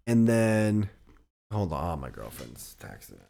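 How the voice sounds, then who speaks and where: A man's voice: fairly low pitch, sing-song, unhurried, gravelly, mellow, slight background noise. A middle-aged man hosting a solo podcast, rambling casually with a lot of swearing and self-deprecating jokes. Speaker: podcast host.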